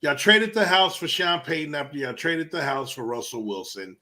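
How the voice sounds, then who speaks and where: A man with rants hotly about rival fans on a casual podcast. His pitch sits a little high and moves a lot, and he swears freely. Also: expressive, normal speed, bright, forceful tone. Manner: heated, profane, emphatic ranting. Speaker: podcast co-host. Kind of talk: casual sports rant.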